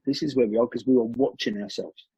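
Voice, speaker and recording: A man, a martial arts coach, telling animated stories in a conversational interview, often restarting his sentences. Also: medium pitch, fast talker, slightly rough, no echo. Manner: animated storyteller with frequent restarts. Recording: dull lo-fi recording.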